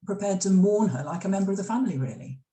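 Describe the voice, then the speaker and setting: A middle-aged woman from the UK tells stories at a quick pace, her mid-range voice dark in tone with lively intonation. She's an author and former radio drama scriptwriter being interviewed in a library event room, which echoes. She chats freely, with lots of fillers and restarts.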